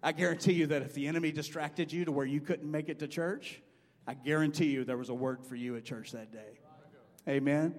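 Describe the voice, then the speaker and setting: A male pastor preaching a sermon, telling stories with rising excitement and repeating "amen" and "I guarantee you" to his congregation. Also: on the high side. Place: church sanctuary. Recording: long church hall reverb.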